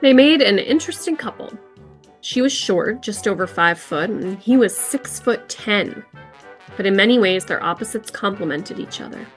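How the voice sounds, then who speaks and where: A woman's voice: mid-range voice, lively intonation, moderate pace. Woman narrating true crime over faint music. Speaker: podcast co-host.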